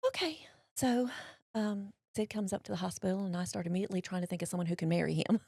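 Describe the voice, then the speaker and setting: A woman, telling a personal story as an interview guest, folksy and animated, acting out what others said. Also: mid-range voice, fast talker, gravelly, breathy edge, no room sound, clean studio sound. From Mississippi, US.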